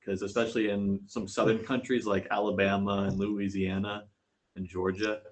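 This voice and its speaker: Relaxed, low-voiced man. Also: moderate pace, low-quality recording. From South Carolina, US. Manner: relaxed, chatty, many fillers. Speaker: language exchange partner. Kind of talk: casual online conversation.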